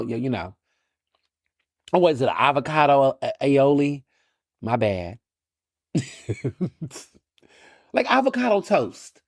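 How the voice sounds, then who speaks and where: In a dry, clean studio recording, a man with a mid-range voice hosts a podcast. He's from Texas and offers sardonic, opinionated solo commentary, animated and mocking, frequently restarting and repeating words.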